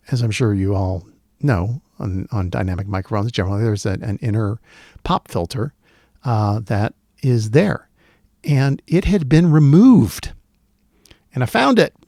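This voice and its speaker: A man's voice: mid-range voice, a little mellow, no room sound. A man hosting a casual gear review video, chatting and thinking aloud with plenty of fillers into a studio dynamic microphone in a small home studio. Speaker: tech video host.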